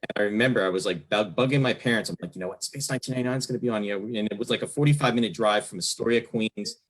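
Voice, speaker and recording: Hosting a relaxed interview, a fiftysomething podcaster from New Jersey gushes as a longtime fan, rambling with lots of fillers. He races along in a lowish voice, captured on a rough recording.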